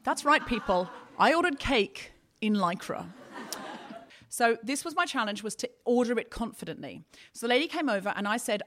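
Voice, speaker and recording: A woman with a raised, bright voice recounts a comic story on stage. Her delivery is wry and deadpan, built to set up laughs. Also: fairly high pitch, normal speed. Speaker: co-host and comedian. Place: live comedy venue with audience.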